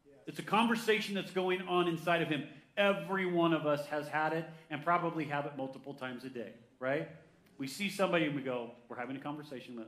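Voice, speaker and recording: A man preaching a sermon with energy, who reads scripture slowly and calls out to the congregation for answers. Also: fairly high pitch, a bit bright, roomy sound. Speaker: pastor.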